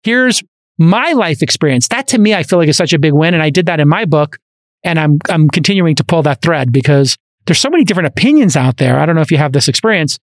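Fast-talking, animated male podcast host. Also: fairly high pitch, no echo, studio quality. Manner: animated storyteller, quick asides and restarts. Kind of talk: casual podcast conversation. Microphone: studio microphone.

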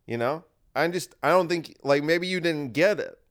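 A man's voice: on the high side, normal speed. A man hosting a podcast, talking in a casual, wry and rambling monologue that circles back and repeats itself. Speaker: podcast host.

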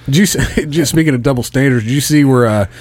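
A man's voice: medium pitch, quick pace, no room sound. Middle-aged guy swearing thru a story, dry close mic. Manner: profane animated storyteller. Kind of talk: casual chat.

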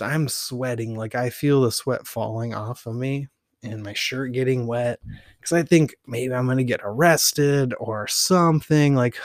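A man tells a personal story in a casual podcast, rambling and animated, with plenty of fillers. His voice sits at an average pitch. The sound is dry and close on the mic. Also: no room sound. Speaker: podcast host.

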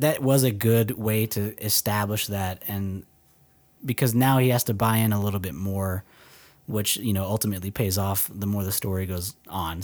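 A man's voice: fairly low pitch, a little mellow. A young man from Texas co-hosting a podcast, enthusiastically discussing a film and quoting its lines. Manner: enthusiastic, quotes lines, some restarts. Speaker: podcast co-host. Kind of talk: casual film chat.

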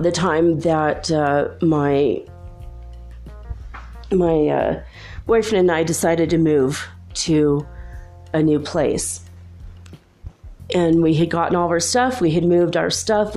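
A woman's voice: low voice, slow pace, long pauses, darkish tone, soft background music. A woman telling a personal story in a rambling, earnest way, with many asides.

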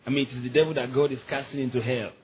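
A man's voice: medium pitch, fairly even intonation, rapid-fire, highs cut off. A man preaching a sermon, quoting scripture and calling on the congregation to answer back. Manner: preaching with scripture quotes and call-and-response. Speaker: pastor.

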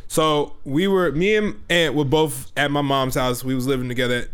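A young man in a casual chat with friends, telling a story in an animated way and acting out the lines of people in it. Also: a little high, normal speed, clean tone.

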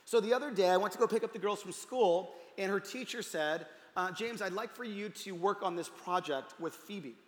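A man in his thirties, a pastor telling a family story in a sermon, voicing the people he quotes and dropping to a hush at tender moments. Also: sits high, normal speed, few pauses. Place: church hall. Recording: roomy hall reverb.

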